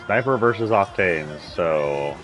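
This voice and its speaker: A man's voice: sits low, expressive, slow pace, fairly bright tone, soft background music. A man streaming games live, rambling casually, chuckling to himself and chatting to his cat. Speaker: game streamer.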